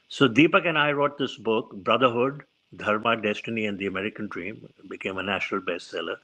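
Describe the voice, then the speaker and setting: A man's voice: on the low side, fairly quick, few pauses, rough recording. A man, a physician telling stories as an interview guest and acting out the voices he quotes. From India. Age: 70s. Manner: animated storyteller who acts out quoted voices. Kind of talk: storytelling in an interview.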